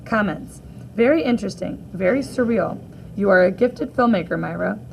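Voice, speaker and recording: A woman teacher reading a graphic novel aloud to children, gently reading out the captions and sound effects too. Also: mid-range voice, expressive, normal speed, gravelly, a little hiss or hum, rough recording.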